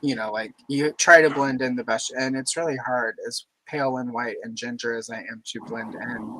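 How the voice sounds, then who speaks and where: A man's voice: mid-range voice, steady tone, moderate pace, a bit bright, a little hiss or hum, rough recording. A man from Louisiana chatting casually on a livestream, with a mostly General American accent and a Southern trace that slips out, rambling through long asides. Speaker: livestream co-host.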